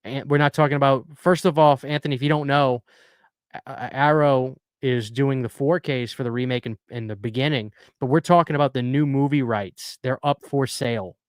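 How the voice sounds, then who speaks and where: Dude doing a chatty live stream, smooth resonant voice, dry close sound. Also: male voice, medium pitch, steady tone, moderate pace, no echo. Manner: earnest, talkative, reads chat aloud. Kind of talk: casual live stream chat.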